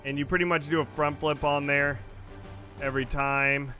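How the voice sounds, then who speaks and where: This man runs a casual gaming stream, chatting to viewers and rambling with filler words while he plays, faint game music in the background. His voice is a little high, bright and forceful, with a level tone and moderate pace.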